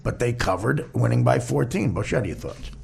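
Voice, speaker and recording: A man's voice: mid-range voice, expressive, brisk, vocal fry, slightly rough. A man hosting a podcast, brash and needling his co-hosts in casual comic banter. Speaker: podcast host.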